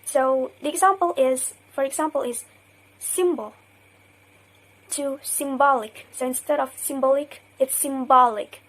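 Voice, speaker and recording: A young woman student giving a recorded class presentation, explaining slowly with hesitations and repeated example words. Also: high-pitched, poor audio. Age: young adult. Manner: hesitant, self-correcting.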